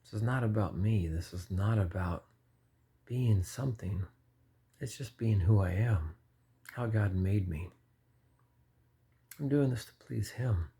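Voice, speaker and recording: Low husky man rambling through his testimony. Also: unhurried, pauses often, warm tone. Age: 40s. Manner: rambling, earnest, often correcting himself. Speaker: lay preacher. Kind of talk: informal personal testimony.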